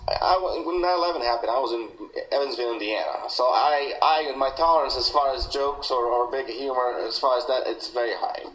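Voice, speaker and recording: A man's voice: mid-range voice, fairly quick, few pauses, a bit bright. A man from Malaysia giving an earnest, emphatic account in a recorded interview, often repeating and restarting his words. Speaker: interviewee, former coworker. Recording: echoey room recording with faint noise.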